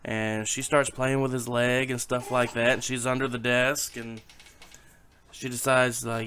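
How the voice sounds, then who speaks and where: A man's voice: mid-range voice, little pitch movement, a little slow, fairly bright tone, a little hiss or hum. A man casually telling a rambling, swearing joke to camera at home, with his daughter on his lap. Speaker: YouTube joke teller.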